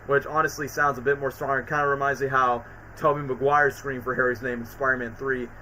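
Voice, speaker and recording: A man streaming casual commentary, excitable and acting out quoted lines as he recaps scenes. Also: mid-range voice, brisk, slight background noise, rough recording.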